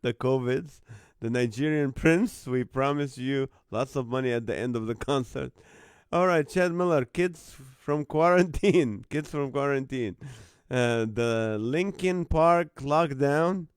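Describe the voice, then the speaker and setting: A man's voice: mid-range voice, measured pace, clean tone, no room sound, studio quality. A man hosting a live call-in comedy stream from home on his phone. He keeps laughing as he reads out viewers' joke band names. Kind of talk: casual live-stream chat reading viewer comments.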